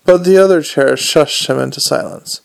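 Guy reading an audiobook, gravelly and a bit high, dry measured delivery. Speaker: audiobook narrator. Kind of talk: scripted narration.

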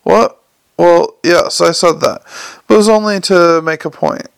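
A man reading the part of a quick-witted, exasperated man under police questioning, sarcastic and flustered. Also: high-pitched, fairly even intonation, vocal fry, clean tone, dry recording. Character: quick-witted exasperated male con man turned banker.

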